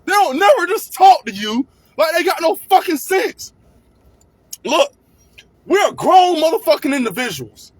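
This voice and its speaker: A man hosting a crude, profane comedic rant, often breaking into shouting. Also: extremely high pitch, very animated, unhurried, no echo. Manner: crude, swearing, bursts into shouting.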